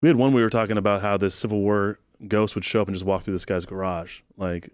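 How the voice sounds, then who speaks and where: Fast-talking low-voiced male co-host. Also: steady tone, clean tone, no room sound, studio quality. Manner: rambling, talks in long run-on thoughts. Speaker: podcast co-host. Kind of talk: casual podcast chat.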